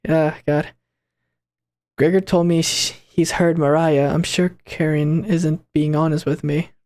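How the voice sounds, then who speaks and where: Slangy young man reacting to a game. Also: on the high side. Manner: casual slangy banter, excitable outbursts. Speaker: gaming channel host. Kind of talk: let's play commentary, reading game dialogue aloud.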